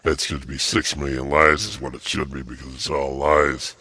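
An older man with an extremely deep, husky voice rants in an agitated monologue, repeating phrases and halting on fillers. His delivery is forceful and tense, and the recording is dry, with no room sound. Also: little pitch movement, no echo. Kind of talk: angry ranting monologue.

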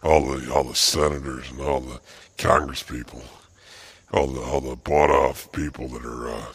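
Very deep husky older man ranting. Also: steady tone, a bit bright, dry recording. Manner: agitated, repetitive, halting with many fillers. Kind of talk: angry ranting monologue.

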